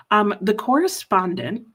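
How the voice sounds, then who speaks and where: A woman's voice: medium pitch, a bit bright, slightly rough. A woman hosting a live reading stream, chatting casually and rambling about books while teary. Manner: chatty, rambling, laughs easily. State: teary, emotional. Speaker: livestream host. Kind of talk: casual chat.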